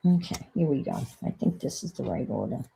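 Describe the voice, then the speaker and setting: An older woman with a low, gravelly voice talks casually to her viewers. She vents about a frustrating wait in an exasperated, storytelling way, then drifts into thinking aloud as she works on a craft. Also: expressive, brisk, mellow, slight background noise. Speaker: vlogger. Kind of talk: casual chat while crafting.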